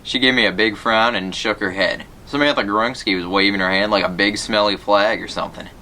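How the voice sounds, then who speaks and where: A man's voice: on the low side, fairly even intonation, fairly quick, pushed and bright. A man reading a children's novel aloud, telling the story plainly and voicing the characters lightly. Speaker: reader.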